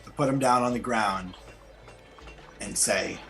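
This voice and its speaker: A man's voice: on the low side, moderate pace, long pauses, sharp tone, soft background music. A man playing a tabletop game, describing what his character does with hesitant fillers. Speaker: player.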